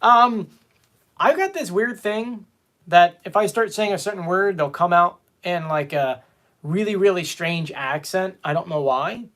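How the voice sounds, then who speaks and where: A man's voice: high voice, measured pace, a bit bright. A man hosting a casual live stream, chatting and reading viewer comments aloud. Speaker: fan show host.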